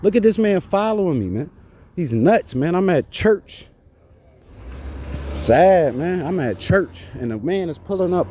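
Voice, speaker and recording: A man with a high, swooping voice delivers an indignant, preachy rant into his phone outside a church. His tone is mellow and dark, and he circles back to the same points again and again. Faint traffic hums behind him. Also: big pitch swings, measured pace. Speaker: vlogger. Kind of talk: ranting monologue to camera.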